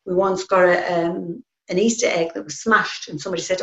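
A woman's voice: fairly low pitch, fairly even intonation, fairly quick. An older woman with a North East English accent, recalling the past in an earnest, plain-spoken way with frequent hesitations. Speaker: interviewee. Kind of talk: personal recollection. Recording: roomy, slightly dull recording.

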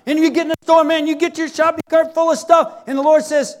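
Folksy high-voiced male pastor. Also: steady tone, fairly quick, hardly any pauses. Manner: folksy, joking, acts out little scenes. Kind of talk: sermon.

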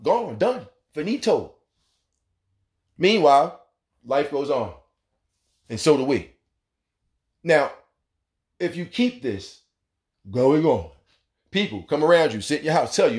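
A man with a slightly high voice hosts a talk radio show, talking straight to his listeners in a loose, animated monologue. He swears freely and slips into the voices of the people he quotes to make his points. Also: normal speed, pauses often. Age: adult, has a son.

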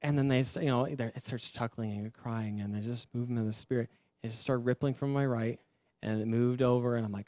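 A male pastor sharing his testimony in a sermon, telling it in a candid, self-mocking, animated way. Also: medium pitch, brisk, no echo, studio quality.

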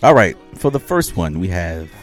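A young man co-hosting a podcast, chatting casually and joking, slowing down to spell out names. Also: low-pitched, very animated, faint music behind. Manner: laid-back, joking, slow when reading out names. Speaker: podcast co-host. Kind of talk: casual chat.

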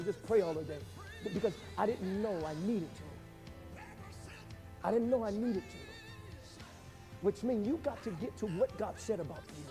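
A man preaching a sermon as pastor, swinging between emphatic shouts and hushed, low passages. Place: church.

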